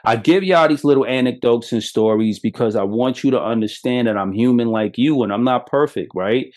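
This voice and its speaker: A middle-aged man from Brooklyn, hosting a podcast, speaking bluntly with profanity and animated storytelling. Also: mid-range voice, brisk. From Brooklyn, New York. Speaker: podcast host. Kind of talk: motivational monologue.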